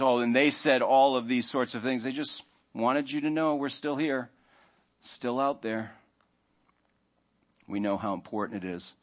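A man preaching a sermon in a conversational way, now and then acting out the inner voices of his listeners. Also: lowish voice. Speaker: pastor.

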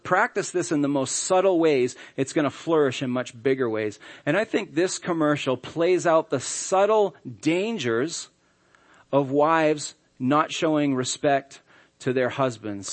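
A middle-aged man, a pastor, preaching a sermon in a church in a conversational, humorous storytelling way. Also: a little high. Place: church sanctuary.

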